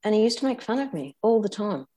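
An older Australian woman telling a personal story as an interview guest, candid and reflective, halting often and restarting. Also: mid-range voice, sing-song, warm tone.

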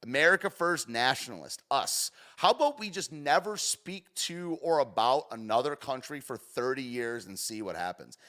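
A young man giving casual, rambling commentary as he reacts to a clip, swinging between loud and soft. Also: medium pitch, expressive, moderate pace, few pauses. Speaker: streamer reacting to a news clip.

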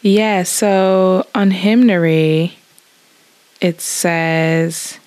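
A woman co-hosting a casual podcast, chatty and animated, laughing often between remarks. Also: fairly low pitch, measured pace. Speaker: podcast co-host. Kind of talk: casual chat.

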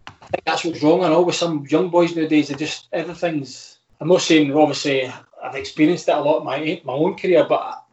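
A man's voice: on the high side, steady tone, fairly quick, darkish tone, roomy sound, highs cut off. A Scottish man in his thirties, a footballer chatting frankly on a podcast with many restarts. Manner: rambling, frank, with lots of restarts. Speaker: footballer guest. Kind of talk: casual podcast chat.

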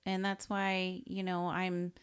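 A woman's voice: lowish voice, completely flat delivery, takes it slowly, clear, resonant tone. A woman co-hosting a movie podcast in casual chat, frank and outspoken, swearing freely. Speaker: podcast co-host.

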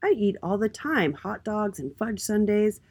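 A woman's voice: medium pitch, big pitch swings, unhurried, darkish tone, breathy edge, pitched above the performer's own voice, full character voice. A woman voicing Mister H, a sad, always-hungry letter in a children's storybook. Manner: sad and plaintive.

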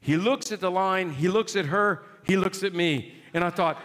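A man preaching a sermon as a pastor, telling a story in an animated, exclaiming, dramatic way. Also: high-pitched, normal speed, few pauses, a little hiss or hum. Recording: long hall reverb.

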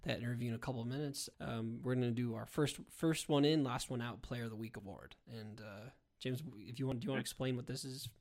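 A man's voice: medium pitch, steady tone, quick pace, hardly any pauses, darkish tone. A man co-hosting a casual sports podcast, earnest and folksy. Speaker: podcast co-host.

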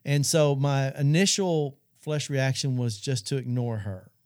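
A man's voice: medium pitch, unhurried, darkish tone, clean tone, dry recording, studio quality. A middle-aged man telling an earnest personal testimony on a Christian talk show, speaking straight to the audience. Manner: earnest storytelling, addresses audience.

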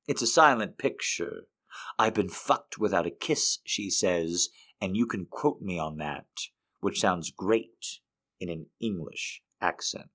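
A man hosting a show and reading poems aloud in an expressive way, lifting some lines and dropping others to a hush. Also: mid-range voice. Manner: expressive reader, swings between lifted and hushed phrases. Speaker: host. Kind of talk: poetry reading.

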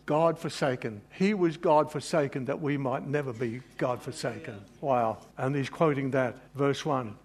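A man preaching a sermon in an earnest, emotional way, rambling and restarting as he goes. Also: fairly high pitch. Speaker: pastor.

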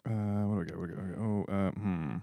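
A young man co-hosting a casual podcast chat, telling deadpan jokes in a laid-back way. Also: low-pitched, fast, creaky, no echo. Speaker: podcast co-host.

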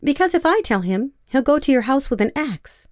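A woman voicing a desperate young woman who pleads in a soft, hushed way. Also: high voice, very animated, moderate pace, no echo, clean studio sound, pitched above the performer's own voice. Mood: urgent.

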